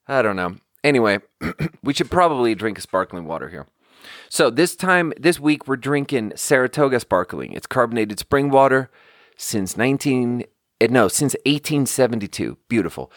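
This young podcast host is very animated as he tells a rambling, chatty story packed with "like." He speaks at a moderate pace in a medium pitch, and the clean studio recording has no room sound.

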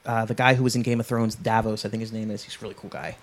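A man's voice: fairly low pitch, little pitch movement, very fast. A man chatting casually on a podcast, rambling enthusiastically with many restarts. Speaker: podcast panelist. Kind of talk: casual chat about horror films.

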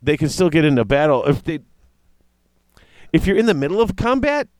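A man in casual chat, reading tabletop game rules aloud and reacting with excitement. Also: a little high, brisk, no room sound. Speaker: tabletop wargame player discussing rules.

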